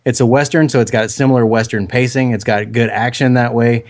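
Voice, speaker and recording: A man's voice: mid-range voice, brisk. An American man hosting a film podcast, casually listing his reasons and joking along the way. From United States. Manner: relaxed, listing points, joking.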